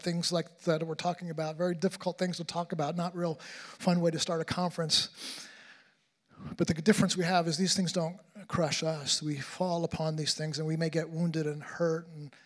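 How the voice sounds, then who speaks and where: Conference preacher, male, slightly high voice, impassioned sermon with repeated words. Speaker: conference speaker.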